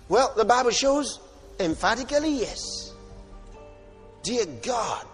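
A man preaching a sermon, emphatic, asking rhetorical questions and breaking into sudden shouts. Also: very high voice.

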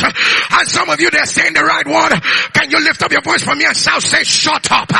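A male pastor preaching a fervent, shouted sermon, calling out to his congregation, breaking into tongues and filling pauses with "uh". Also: very high-pitched, creaky, a little hiss or hum. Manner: fervent, calls out to the congregation, frequent "uh" fillers; bursts into speaking in tongues.

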